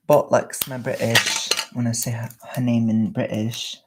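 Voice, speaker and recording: A young woman vlogging at home, chatting casually and rambling in a soft-spoken way while she wraps gifts. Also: very deep voice, little pitch movement, normal speed, hardly any pauses, a little hiss or hum.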